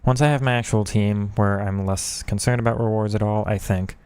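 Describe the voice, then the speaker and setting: A man's voice: on the low side, steady tone, fairly quick, a little mellow, clear, resonant tone, dry recording. A man streaming a football video game, talking casually and with frustration at the match while chatting with viewers. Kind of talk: casual gaming commentary.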